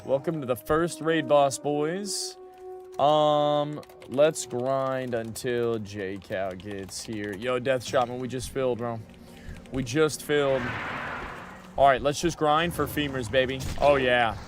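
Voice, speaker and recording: A young man chatting loosely on a livestream while he plays, replying to his viewers and repeating phrases for emphasis. His voice sits at an ordinary middle pitch. Faint music runs under his talk. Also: slow. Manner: chatty, talks back to chat, repeats himself. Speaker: livestreamer playing a game. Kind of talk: casual livestream chat.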